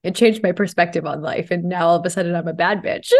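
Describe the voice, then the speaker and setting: A woman's voice: on the low side, quick pace, few pauses. A young woman hosting a casual, confessional podcast from a podcast room in a co-working space, candid and laughing often as she swears freely. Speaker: podcast host and self-love coach.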